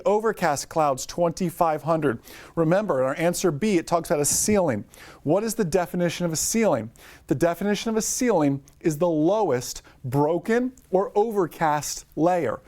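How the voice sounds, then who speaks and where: Fast-talking upbeat male instructor. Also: fairly high pitch, lively intonation, a little mellow. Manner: fast, upbeat, talks to viewers by name. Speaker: drone pilot instructor. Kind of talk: live online lesson.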